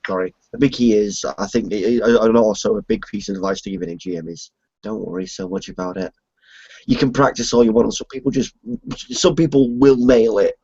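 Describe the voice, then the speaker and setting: A man on a video call giving reassuring advice to game masters, with halting restarts. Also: fairly low pitch, vocal fry, a little mellow, husky, no echo, dull audio. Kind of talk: casual group chat.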